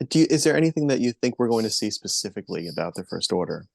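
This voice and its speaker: Podcast guest guy, lowish voice, dry close mic, pauses and restarts a lot. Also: big pitch swings, gravelly, dry recording. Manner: hesitant, many ums and restarts. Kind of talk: casual chat.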